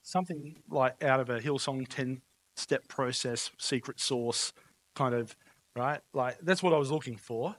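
A man's voice: mid-range voice, unhurried, a bit bright. A man preaching a sermon, telling stories in an emphatic, conversational way and often asking "right?". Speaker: pastor.

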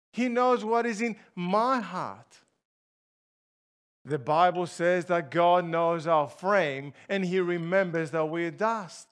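High-voiced, slow, emphatic male preacher. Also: fairly bright tone. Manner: emphatic, asks the congregation rhetorical questions. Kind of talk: sermon.

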